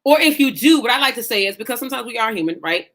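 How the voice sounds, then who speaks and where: Woman coach preaching to her group, bright punchy voice, a bit high, super emphatic. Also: lively intonation, rapid-fire. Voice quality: emphatic, preacherly, acts out self-talk in quotes. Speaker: faith-based life coach. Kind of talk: passionate teaching to an online group.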